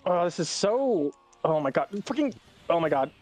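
A man playing a fighting game with a friend, swearing a lot and yelling in frustration. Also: a little high, sing-song, moderate pace. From Latino. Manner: swears constantly, yells in frustration. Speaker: gaming YouTuber. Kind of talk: casual gameplay banter.

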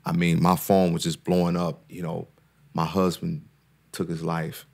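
A therapist appearing as a guest on a casual podcast speaks in a low, completely flat voice, a little slow and full of vocal fry. His cadence is earnest and preacher-like, rising whenever he drives a point home. He often repeats words and restarts sentences.

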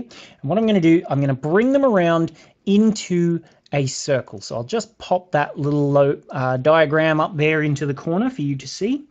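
A man's slightly high, darkish voice, with a British accent, comes through slightly dull lo-fi audio as he hosts a live beading tutorial. He chats casually with viewers and counts out his beads as he goes.

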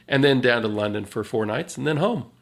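A man, a financial advisor on a podcast, chatting in a relaxed way with chuckles and then explaining retirement planning. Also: medium pitch, brisk, vocal fry. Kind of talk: casual podcast chat.

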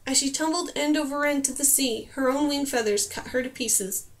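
A woman narrating a fantasy novel aloud as an audiobook, in a steady storytelling voice. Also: high-pitched, moderate pace.

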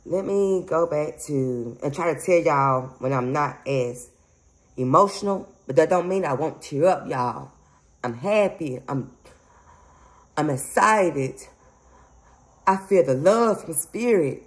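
Woman w/ aave rambling at her viewers, kinda low voice, emphatic, casual vlog. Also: expressive, slow, rough recording. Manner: rambling, emphatic, frequent laughs, addresses viewers as y'all. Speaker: psychic medium channel host.

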